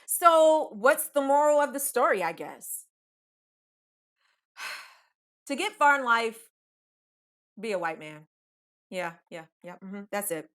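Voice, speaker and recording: Woman, comic storytelling monologue, bright voice, lively swinging pitch, emphatic, profane. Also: takes it slowly, pauses often, clean tone. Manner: animated, emphatic, profane, addresses listeners as "y'all". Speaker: podcast storyteller.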